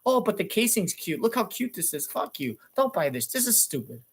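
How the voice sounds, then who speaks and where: A man's voice: high-pitched, big pitch swings, brisk, gravelly, breathy edge. Sarcastic middle-aged man ranting. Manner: sarcastic, exasperated, profane. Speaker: talk show co-host. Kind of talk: comic rant on live TV.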